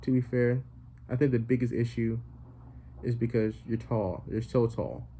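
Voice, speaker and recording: A hesitant teenage girl gently lets an admirer down, as a young man quotes her in his usual mellow voice. She is kind but firm, and the delivery barely changes from his own. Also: medium pitch, fairly even intonation, moderate pace, slight background noise, close to an everyday voice. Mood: gentle. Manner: hesitant, letting someone down. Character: teen girl turning down a suitor gently.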